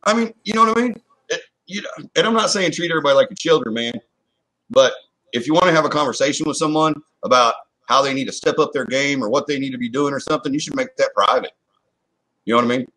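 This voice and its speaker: A man with a husky, slightly rough voice and an ordinary middle pitch talks in a casual chat. He rants bluntly and heatedly, swears freely, and keeps checking in with "you know what I mean". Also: fast, pushed and bright, rough recording. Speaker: co-host.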